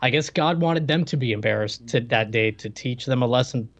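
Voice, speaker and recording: A man co-hosting a podcast, telling stories in a wry, animated way in casual chat. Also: mid-range voice, a little fast, slight background noise. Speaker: podcast co-host. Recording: dull lo-fi sound.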